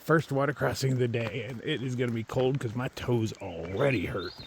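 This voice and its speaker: A man of ordinary pitch talks to his camera outdoors on a trail, easygoing and wry. He tells stories with a dry, joking edge. Faint outdoor noise sits behind his voice. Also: brisk. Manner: joking, laid-back, wry storytelling. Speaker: long-distance hiker filming his trek. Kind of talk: casual vlog commentary.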